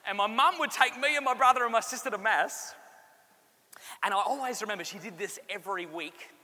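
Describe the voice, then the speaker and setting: Speaking briskly in a voice that sits high, this man tells a funny faith testimony before a live crowd, playing out each character with voices and jokes. The sound carries a long hall reverb over faint room noise.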